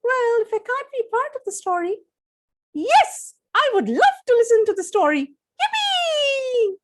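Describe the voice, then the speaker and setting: A tiny, eager baby giraffe, as a woman puts it on squeaks in a bright, very high voice that bounces all over the place. It pleads and cheers like an excited small child in a puppet-style storybook game. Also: unhurried, exaggerated voice.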